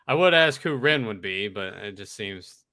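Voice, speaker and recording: A man's voice: lowish voice, expressive, a little slow, bright, forceful tone, no room sound, clean studio sound. A man co-hosting a podcast, chatting casually with stammers and easy laughter. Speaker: podcast co-host. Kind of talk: casual chat.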